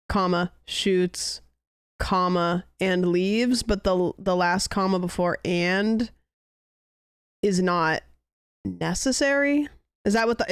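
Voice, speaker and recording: A woman's voice: medium pitch, smooth, no room sound, studio quality. A young woman streamer in casual chat, rambling and musing aloud with lots of "like" fillers.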